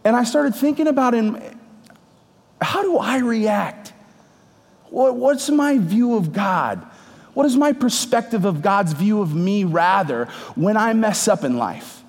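A pastor in his thirties preaches a sermon to a congregation in a church hall, his voice sitting high with lively intonation at a measured pace. He's conversational and jokes with the room, and the hall sounds reverberant.

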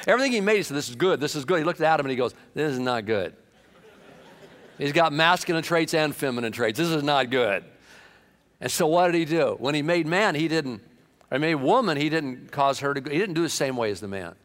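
A man preaching a sermon in a lively manner, acting out comic quotes and voices. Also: fairly high pitch, fast talker. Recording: long hall reverb.

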